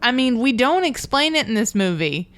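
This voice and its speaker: A woman's voice: on the high side, big pitch swings, moderate pace, a bit bright. A woman co-hosting a casual movie podcast, chatting with hesitant fillers. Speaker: podcast co-host.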